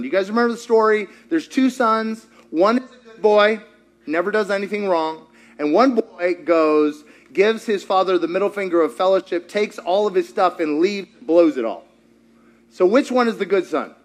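Male pastor, high voice that swings wide, playful, questions the room. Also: normal speed. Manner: animated, quizzes the congregation and acts out quotes. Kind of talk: sermon.

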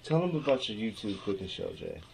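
A man's voice: fairly low pitch, animated, quick pace, noisy background. A man co-hosting a podcast in casual banter, brash and teasing, swearing often. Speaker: podcast co-host.

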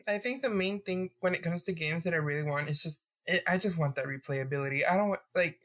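A man's voice: fairly high pitch, a bit bright. A man guesting on a casual gaming podcast, talking eagerly and swearing casually.

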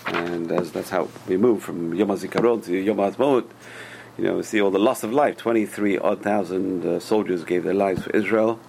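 A man teaching a Torah class, telling stories in an animated way and swinging between loud and hushed delivery. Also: deep voice, normal speed, gravelly, a little hiss or hum. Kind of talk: storytelling sermon.

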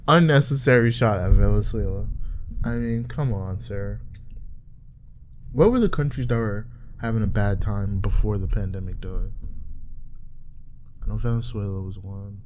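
A man's voice: fairly low pitch, normal speed, a little mellow, slight background noise. A young man chatting casually on his own while browsing, rambling with profane, joking asides. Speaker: streamer. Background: keyboard typing and clicks.

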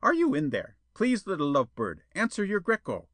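A man voicing a peevish, pleading male suitor with a Spanish-speaking manner, in a high, strident, whining voice. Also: huge pitch swings, fairly quick, fairly bright tone, dry recording, exaggerated voice.

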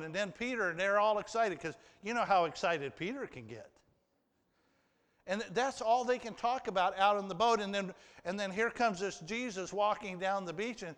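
A man's voice: high voice, a bit bright. A man preaching a sermon in a conversational way, asking the congregation questions and acting out the people in the story. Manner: conversational, asks the congregation questions, acts out quotes. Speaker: pastor. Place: church hall with an audience. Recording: long hall reverb.

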